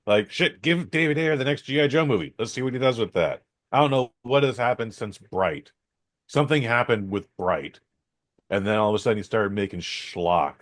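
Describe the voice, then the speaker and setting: A man's voice: mid-range voice, moderate pace, no room sound. A man hosting a podcast, rambling through a casual film review with many fillers, restarts and some swearing.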